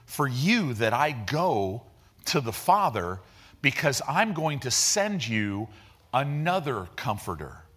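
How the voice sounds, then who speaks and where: A pastor delivering a sermon in an easygoing, chatty manner, mixing slang into his teaching. He often slows down to stress a point, then speeds into excited bursts. His voice sits at an ordinary middle pitch for a man. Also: husky. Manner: conversational preaching with slang and vivid retellings.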